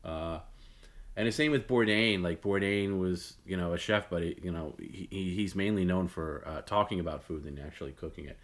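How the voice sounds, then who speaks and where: A man's voice: low voice, moderate pace. A middle-aged man hosting a late-night solo talk stream, rambling and opinionated, blunt, with many fillers and restarts. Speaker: host.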